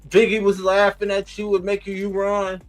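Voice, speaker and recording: Over soft music and poor audio, a high-voiced man talks at a normal speed about a reality show. He curses, laughs often and brings plenty of sass, making it an animated, casual rant.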